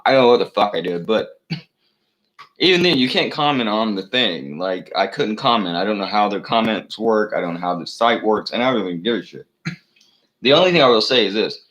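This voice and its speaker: A man with a deep, low voice rants on his own channel, cursing freely and circling back on himself. He stumbles through fillers and restarts as he talks. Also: expressive, moderate pace, a bit bright, low-quality recording. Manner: profane, meandering, many fillers and restarts. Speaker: channel host. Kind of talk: rambling solo rant.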